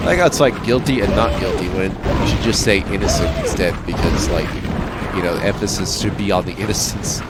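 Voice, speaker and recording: A man's voice: fairly low pitch, moderate pace, heavy background noise. A man giving casual let's-play commentary as a gaming channel host, rambling and joking, swearing now and then, recorded on a desk microphone. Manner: rambling, jokey, swears, breaks into silly sing-song. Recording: loud game music behind the voice.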